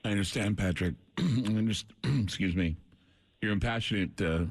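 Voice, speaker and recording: This late-night talk radio host speaks into a close studio mic in an earnest, preaching style and briefly chokes up. His voice is on the low side, his pace normal, with no echo.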